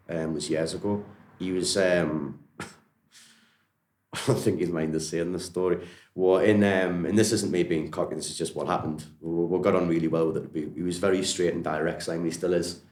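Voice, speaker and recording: A man's voice: deep voice, moderate pace, darkish tone, echoey room. A Geordie man from Newcastle, a martial arts coach, telling stories in a rambling, friendly way, full of "you know" and "like". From Newcastle, England. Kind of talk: casual storytelling interview.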